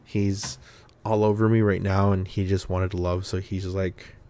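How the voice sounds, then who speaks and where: A young man chatting casually as host of a live stream, his voice sitting a little low. He rambles, jokes and swears offhandedly. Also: little pitch movement, normal speed, dark tone.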